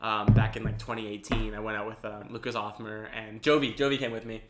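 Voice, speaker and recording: A man's voice: fairly low pitch, little pitch movement, fast, a loud crowd. A young man hosting a casual podcast chat, talking in a laid-back, profane way full of "like" fillers. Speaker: podcast host. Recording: echoey room with faint noise.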